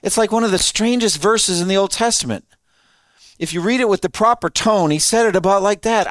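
A man's voice: high-pitched, lively intonation, a little fast, fairly bright tone, no room sound, clean studio sound. Conversational man preaching a sermon. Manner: conversational, laughing often, asking the audience questions. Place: room with an audience.

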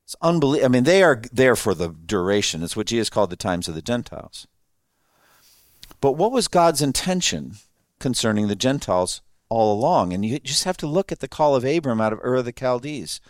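This man's mid-range voice is very animated and a little quick, captured at studio quality with no room sound. He delivers a conversational sermon to an audience in a room, frequently laughing and putting questions to them.

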